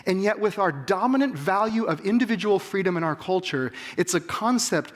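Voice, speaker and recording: A man's voice: high voice, lively intonation, normal speed. A man in his forties preaching a sermon, emphatic and full of rhetorical questions to the congregation. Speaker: pastor.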